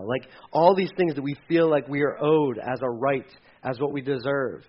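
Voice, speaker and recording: A man preaching a sermon in a conversational, animated way, acting out quoted voices. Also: medium pitch, normal speed, hardly any pauses, slightly rough, muffled recording. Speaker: pastor.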